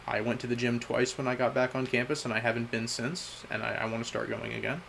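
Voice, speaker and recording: A young man vlogging a candid personal message to his future self, halting and self-critical, with frequent restarts and pauses. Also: mid-range voice, level tone, gravelly, a bit bright, a little hiss or hum, low-quality recording. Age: young adult.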